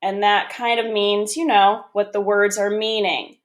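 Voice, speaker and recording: A woman teaching young children, reading a picture book aloud and explaining step by step in a gentle, encouraging way. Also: medium pitch, little pitch movement, measured pace. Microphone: camera or phone on a desk.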